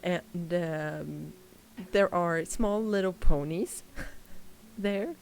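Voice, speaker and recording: A woman's voice: lowish voice, extremely slow, vocal fry, darkish tone, slight background noise. A woman narrating a tabletop game as game master, talking hesitantly with many fillers.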